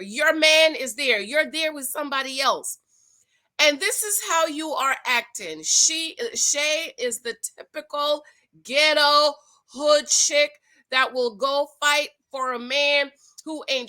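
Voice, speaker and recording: A woman's voice: high voice, pushed and bright. A woman hosting her own dating-advice show, talking straight to her viewers in a sassy, preachy, casual way. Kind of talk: casual reaction commentary.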